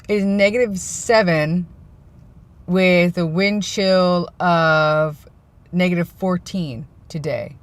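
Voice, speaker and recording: A vlogger from the East Coast of Canada, chatting casually in a parked car while cold and tired, wandering between chatty remarks and hushed mumbled asides. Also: mid-range voice, fairly even intonation, takes it slowly. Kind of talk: casual vlog chat. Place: inside a parked car in winter.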